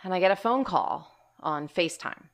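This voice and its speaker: Low, gravelly-voiced woman telling a story. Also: moderate pace. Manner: animated, emphatic, swears casually; addresses listeners as y'all. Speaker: podcast co-host. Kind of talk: casual storytelling chat.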